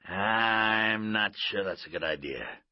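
A man voicing a loud, brusque middle-aged gym coach in a storybook reading, slightly muffled recording. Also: lowish voice, slow, no room sound. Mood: matter-of-fact. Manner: barking, brusque.

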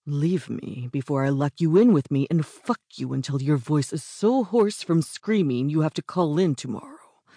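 Woman doing a tense young man, strained growl, gravelly, husky, dry close sound. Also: medium pitch, big pitch swings, slow pace, dark tone, no room sound, exaggerated voice. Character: tense young man fighting his own heat.

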